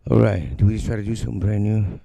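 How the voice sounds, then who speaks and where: A middle-aged man talks loosely and profanely on his music livestream, blunt and animated as he mocks other people's takes. His voice is deep-toned and heavily gravelly with lots of fry. The sound is close and dry, with little room around it. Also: quick pace, no echo. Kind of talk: casual live-stream rant. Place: home studio.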